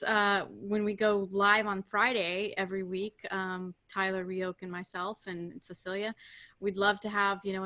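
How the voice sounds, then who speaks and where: A woman with a medium-pitched voice hosts a casual spiritual chat. She speaks warmly and affirmingly, with lots of filler words.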